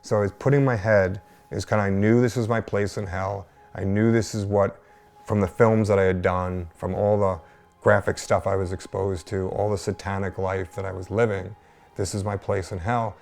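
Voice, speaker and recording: A man's voice: on the low side, little pitch movement, normal speed, gravelly, darkish tone. A man giving a personal faith testimony in an interview, telling his story earnestly and acting out the voices of people he quotes. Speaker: interview guest.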